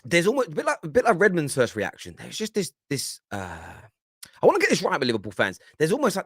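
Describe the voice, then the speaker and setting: A man's voice: mid-range voice, very animated, quick pace, no echo, clean studio sound. A man hosting a football reaction show, teasing and laughing as he talks over clips and often restarts his phrases. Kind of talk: animated reaction commentary.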